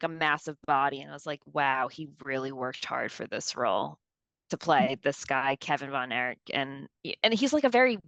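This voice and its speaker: A woman's voice: sits low, no room sound. A woman co-hosting a pop culture podcast, chatting casually and acting out the people she quotes. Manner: animated, acts out quoted voices. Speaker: podcast co-host.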